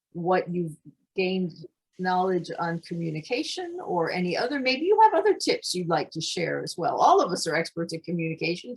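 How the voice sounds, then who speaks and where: Over a video call, a middle-aged forum moderator from the United States runs an online panel, keeping it warm and conversational with laughter between comments. Her voice is on the low side and slightly rough, and the audio quality is poor.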